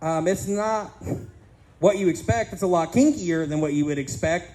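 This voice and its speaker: High-voiced crude stand-up comedian. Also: male voice, moderate pace, warm tone, low-quality recording. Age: 30s. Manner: crude, self-deprecating, punchy delivery. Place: casino comedy stage.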